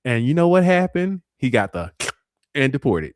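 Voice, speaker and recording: A man's voice: on the high side, moderate pace, no room sound, studio quality. A man in his forties hosting a talk show, telling dating stories in a casual, sassy way and acting out the dialogue. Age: 40s. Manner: animated, acts out dialogue with sass. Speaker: host. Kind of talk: casual storytelling.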